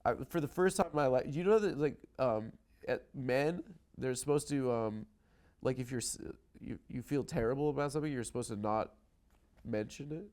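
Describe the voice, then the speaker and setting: A man's voice: mid-range voice, normal speed, a little mellow. A man hosting a comedy talk show, telling a rambling self-deprecating story and swearing freely. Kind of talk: casual comedic chat.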